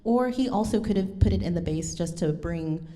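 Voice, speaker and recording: A woman presents a lecture recital with a mellow, slightly low voice. She talks in a thoughtful way, pausing on ums and correcting herself. Her voice carries a long reverb from the hall. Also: expressive. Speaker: pianist giving a lecture recital.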